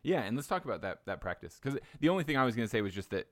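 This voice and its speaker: A man's voice: mid-range voice, big pitch swings, very fast, a bit bright, no echo, clean studio sound. A man hosting a podcast in casual chat, thinking aloud and often restarting his sentences. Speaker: podcast host.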